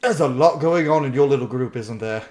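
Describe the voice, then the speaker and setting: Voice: medium pitch, fairly quick, darkish tone, faint music behind, close to an everyday voice. A game master voicing a courteous male army commander in a tabletop game, with hesitant phrasing. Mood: calm.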